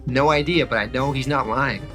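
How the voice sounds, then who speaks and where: Icy superhero leader, curt orders, bright edge, voiced by a man. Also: medium pitch, fairly quick, faint music behind, close to an everyday voice. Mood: commanding. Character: cold commanding male superhero leader.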